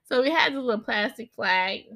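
A woman's voice: on the high side, expressive, moderate pace, pushed and bright, dry recording. A woman in her thirties chatting casually about family life, rambling and breaking off now and then to direct her kids. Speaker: mother recording a podcast vlog. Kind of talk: casual personal chat.

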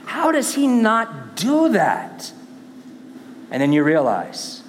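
A male pastor preaching a sermon, swinging between hushed, intimate lines and emphatic, rising passages. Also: a little high, very animated, slow, in a large hall, slight background noise. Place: church sanctuary.

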